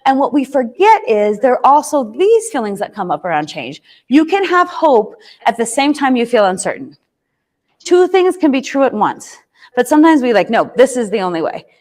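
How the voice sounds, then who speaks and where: A woman giving a keynote talk, telling a personal story in an animated way, acting out her own lines and often adding "right?" and "like". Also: a little high, moderate pace. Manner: frequent tag "right?" and "like" fillers. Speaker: professional speaker.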